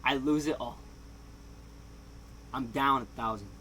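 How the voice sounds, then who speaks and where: A man telling a comedic storytime, animated and casual, swinging between loud outbursts and hushed asides and laughing often. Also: mid-range voice, measured pace, slight background noise. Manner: casual slang and swearing. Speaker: vlogger.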